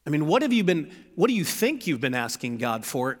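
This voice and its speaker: A man preaching a sermon as pastor, animated, acting out shouted pleas from the story. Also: a little high, moderate pace, long reverb tail.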